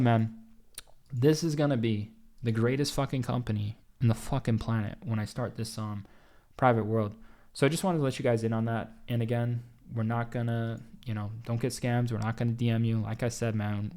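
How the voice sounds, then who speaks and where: A man's voice: medium pitch, steady tone, a little fast, a little mellow. A young man hosting a trading group, ranting off the cuff with constant swearing and rambling repeats. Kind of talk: unscripted livestream rant.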